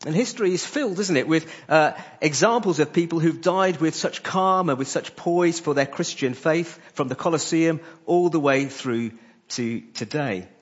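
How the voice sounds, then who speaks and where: A man preaching a sermon, pausing often with "uh" between phrases. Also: fairly high pitch, slightly rough, muffled recording. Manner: frequent "uh" fillers between phrases.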